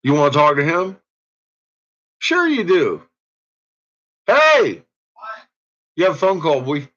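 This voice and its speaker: A man's voice: fairly high pitch, sing-song, moderate pace, fairly bright tone, highs cut off. A man casually teasing his dogs at home, crude and laughing in a home video. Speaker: pet owner.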